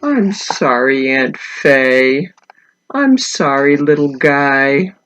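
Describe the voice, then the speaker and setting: A woman's voice: extremely low pitch, very animated, drawn-out words, fairly bright tone, pitched below the performer's own voice, heavily acted, low-quality recording. A woman voicing a young boy from a picture book, speaking in an earnest, childlike way. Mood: apologetic. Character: young boy, cheeky but kind.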